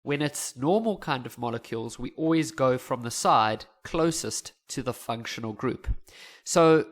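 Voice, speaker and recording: A man's voice: mid-range voice, lively intonation, unhurried. A young South African man teaching chemistry in a chatty, jokey way. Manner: chatty, jokey, laughs at his own jokes. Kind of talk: casual online lesson.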